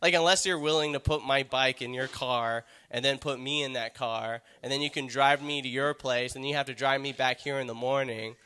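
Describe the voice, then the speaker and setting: A man's voice: medium pitch, fairly even intonation, normal speed, hardly any pauses, bright, forceful tone, clean tone. A man doing a stand-up comedy set, rambling and self-mocking with many fillers.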